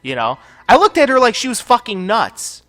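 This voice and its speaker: A man with a high, very animated voice rants through a personal story while playing a video game. His talk is casual, full of fillers and swearing, and his tone is bright and sharp. Faint music plays underneath. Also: moderate pace. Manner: profane, ranting, lots of filler words. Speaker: gaming channel host. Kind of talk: casual storytelling over gameplay.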